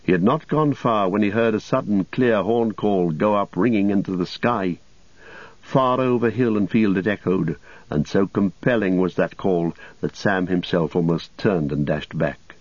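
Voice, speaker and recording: Low husky male audiobook narrator. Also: a little mellow, no echo. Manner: measured storytelling. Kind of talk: scripted narration. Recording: dull lo-fi recording.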